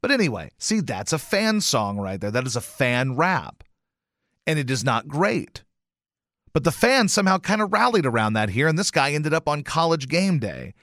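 Male sports-talk host, sarcastic and mocking, fairly high and animated, dry close sound. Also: normal speed, no room sound. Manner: sarcastic, mocking, makes up rhymes. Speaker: podcast host.

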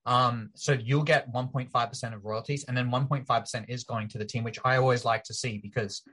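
A man's voice: medium pitch, steady tone, brisk, a bit bright, husky. A man appearing as a guest on a casual podcast, explaining his team's project in eager detail. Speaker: project team member guest. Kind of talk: casual interview chat.

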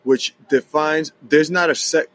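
A young man, a guest musician telling his story in animated, rapid casual chat, slipping in Spanish words. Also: a little high, poor audio. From New York City.

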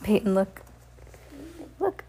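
A woman with a warm tone reads a storybook aloud slowly on her kids' reading podcast, adding playful asides to a child.

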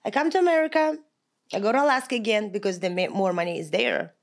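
A woman, telling her life story as a podcast guest in lively, broken English. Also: medium pitch, fast, gravelly. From Kazakhstan. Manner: animated, laughing, broken English. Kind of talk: casual interview storytelling.

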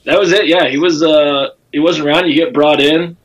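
A man's voice: a little high, fairly even intonation, normal speed, poor audio. A man with a Southern US accent, a comedian telling stories in a casual podcast chat, rambling with lots of fillers and cursing. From South Carolina. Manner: rambling storytelling with frequent fillers and profanity. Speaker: comedian guest.

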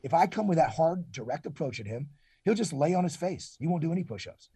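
A husky man in his forties talks earnestly as an interview guest, his voice sitting a little high. He often restarts and repeats words mid-thought. The sound is dry and close. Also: animated, fast talker, mellow, dry recording. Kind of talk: casual interview talk.

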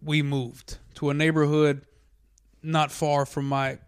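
Male co-host, casual chat, quick profane jokes, smooth tone, dry close mic. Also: a little high, little pitch movement, no room sound. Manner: joking, profane, quick quips.

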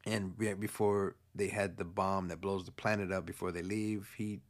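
A man's voice: low voice, level tone, moderate pace. A man casually recapping a movie plot in a rambling, profane way, full of fillers and restarts. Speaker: movie fan recapping a film.

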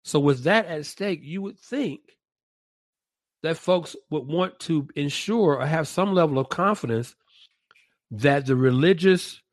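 Deliberate man, dry close sound. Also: on the high side, no echo. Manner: deliberate, restates and rephrases his points. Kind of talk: reflective podcast discussion.

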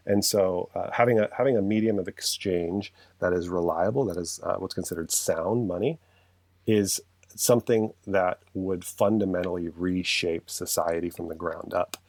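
A man with a deep, low-pitched voice speaks in a relaxed conversation. He argues his point with earnest passion, rambling and correcting himself as he goes. The sound is dry and close, with no room around it. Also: moderate pace, no room sound. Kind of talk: casual conversational chat.

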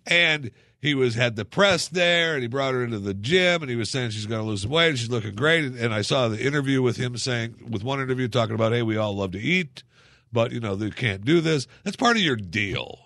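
A man's voice: medium pitch, animated, a little fast, sharp tone, no room sound. Sarcastic male radio host, dry sound. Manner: sarcastic, mocking, rambling with fillers. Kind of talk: casual solo commentary.

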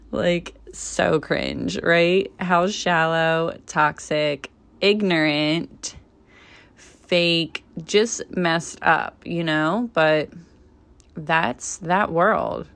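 A woman's voice: deep voice, gravelly, a bit bright. A young woman hosting her podcast as a doula, chatting in a casual, opinionated way and laughing often.

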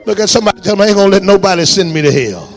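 High-pitched shouting preacher man. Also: animated, racing, faint music behind. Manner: shouting, exhorting the congregation with call-and-response commands. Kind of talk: fiery sermon. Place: church sanctuary.

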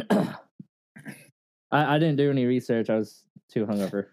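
A man's voice: mid-range voice, expressive, moderate pace, gravelly, darkish tone, dry recording. A man co-hosting a podcast who keeps the banter laid-back, cracking crude jokes and asking casual questions. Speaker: podcast co-host. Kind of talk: casual chat.

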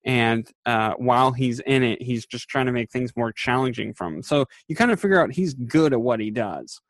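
A man's voice: mid-range voice, animated, moderate pace, dry recording. A man in casual podcast chat, recapping a TV episode in a rambling way, with lots of fillers and quoted lines acted out. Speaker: podcast co-host.

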